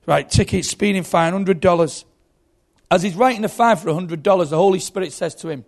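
A man's voice: high voice, a little fast. A man preaching a sermon, telling stories with dramatic buildups. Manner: animated storytelling, dramatic buildups.

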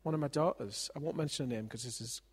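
A man's voice: mid-range voice, quick pace, breathy edge. A man preaching in a church service, telling a family story in a chatty way and often ending on tag questions. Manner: conversational, leans on tag questions.

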